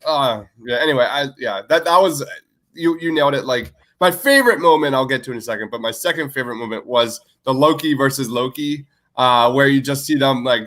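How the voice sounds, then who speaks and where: A man's voice: medium pitch, fairly quick, a bit bright. A man co-hosting a podcast in casual chat, enthusiastic and full of filler words. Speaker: podcast co-host.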